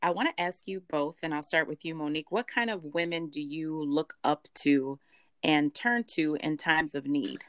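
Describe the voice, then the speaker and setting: A woman's voice: low voice, normal speed, dry recording. A woman hosting an interview, affirming and encouraging her guests. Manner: affirming, encouraging, frequent agreement. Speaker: host.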